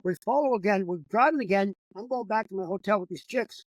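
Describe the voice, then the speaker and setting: An older man with a fairly high voice tells a long, profanity-laced story in a rambling, animated way. The sound is dry and close, with no room around it. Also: fast talker, no echo, rough recording. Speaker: comedian guest. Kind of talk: casual storytelling.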